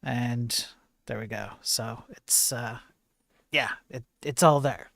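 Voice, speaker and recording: A man's voice: medium pitch, takes it slowly, gravelly, a bit bright, no room sound. Chatty man streaming tech news. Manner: rambling, chatty, many fillers and restarts; jokey asides to chat. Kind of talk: casual live-stream commentary.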